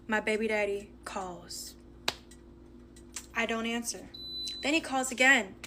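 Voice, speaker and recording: A young woman telling a casual storytime, animated and acting out the dialogue. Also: fairly high pitch, measured pace, background noise.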